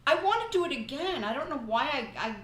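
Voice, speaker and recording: A woman's voice: high voice, animated, quick pace, fairly bright tone, reverberant, rough recording. A woman hosting a podcast, talking in a chatty, rambling way and telling stories casually. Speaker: podcast host. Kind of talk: casual chat.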